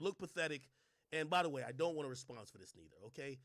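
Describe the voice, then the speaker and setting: Brief: young male streamer, bright edgy tone, mocking rant with lots of swearing. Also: quick pace. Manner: animated, mocking, swears freely, swings from low mutters to loud outbursts. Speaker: commentary streamer. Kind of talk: casual ranting commentary.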